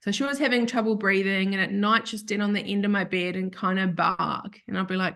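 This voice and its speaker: A woman's voice: medium pitch, steady tone, a little fast, gravelly, few pauses, fairly bright tone. A woman, a podcast guest, telling a heartfelt personal story in a rambling, self-correcting way that turns tearful at times. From Australia.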